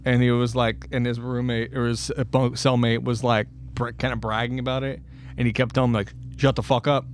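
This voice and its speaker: A man's voice: medium pitch, level tone, a little fast, slight background noise. A man co-hosting a casual true-crime podcast, swearing freely, laughing and acting out quotes. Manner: profane, laughing, acts out quotes. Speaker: podcast co-host.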